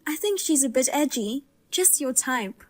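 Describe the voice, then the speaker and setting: A woman's voice: high voice, animated, moderate pace, no echo, studio quality. A woman voicing a pregnant young wife who teases and taunts her cheating husband in a dubbed drama. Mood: teasing. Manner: teasing, taunting.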